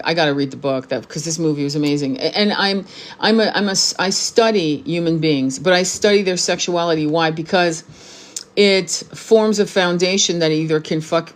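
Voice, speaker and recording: A woman in her sixties, a tarot reader and spiritual teacher, talking bluntly and with profanity to camera in a casual monologue, repeating points for emphasis. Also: lowish voice. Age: 60s.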